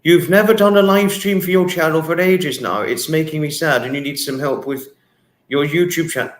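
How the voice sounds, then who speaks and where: A man's voice: a little high, normal speed, roomy sound. A man from England hosting a casual livestream, effusively greeting viewers by name and swearing freely as he reads their comments. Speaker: livestream host.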